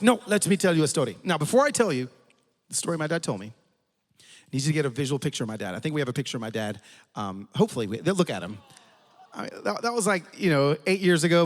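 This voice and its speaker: A male pastor preaches from a stage, telling a story with humor and lots of animation. His voice sits high and swings widely in pitch. A long reverb from the large church hall follows his words. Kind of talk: sermon storytelling.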